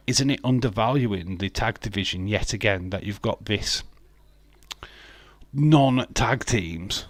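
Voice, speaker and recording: A man's voice: on the low side, no echo. A man chatting casually on a live stream, greeting viewers, laughing often and swearing freely. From England. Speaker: wrestling watch-along streamer.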